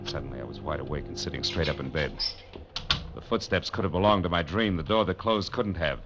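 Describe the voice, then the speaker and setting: A man's voice: low-pitched, brisk, lightly acted. A man playing a hard-boiled, wry private eye in a vintage radio drama, narrating and talking in a dry, wisecracking way. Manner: dry, wisecracking, soothing to others. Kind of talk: 1940s radio drama acting with first-person narration. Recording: lo-fi vintage radio broadcast with music.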